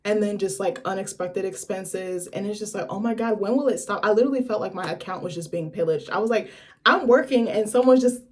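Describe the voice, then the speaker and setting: A young adult woman chats straight to her viewers in a loose, blunt vlog style. She swears freely and drifts into lively asides, her voice sitting at an ordinary middle pitch. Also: fast talker, hardly any pauses. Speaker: vlogger. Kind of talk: casual chat to camera.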